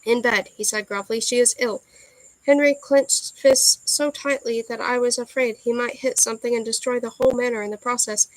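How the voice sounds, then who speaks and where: A woman reads a first-person novel aloud in a soft, earnest storytelling manner. Her voice sits a little high. The recording is dry and close, with no room echo. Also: fairly even intonation, a little fast, hardly any pauses. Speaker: audiobook reader.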